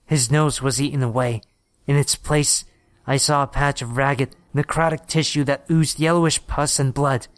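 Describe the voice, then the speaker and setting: A man's voice: medium pitch, steady tone, moderate pace, no room sound. Man narrating a horror story.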